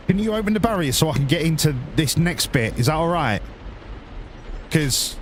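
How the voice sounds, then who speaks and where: A man's voice: a little high, lively intonation, moderate pace, slight background noise. A man streaming a driving game, chatting in sarcastic, sweary banter as he plays. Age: adult, grew up before the 1980s. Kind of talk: live gameplay commentary.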